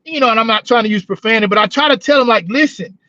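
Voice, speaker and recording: A man's voice: extremely high pitch, rapid-fire, bright, forceful tone, dry recording, muffled recording. A man co-hosting a casual talk show, telling profane, rambling stories about working as a corrections officer. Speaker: podcast co-host, former corrections officer. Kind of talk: casual chat.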